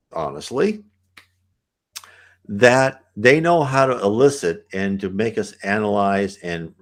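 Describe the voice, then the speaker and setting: An American man hosting a channel, answering viewer questions in a rambling, conversational way and often asking "right?". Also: low-pitched. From United States. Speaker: channel host.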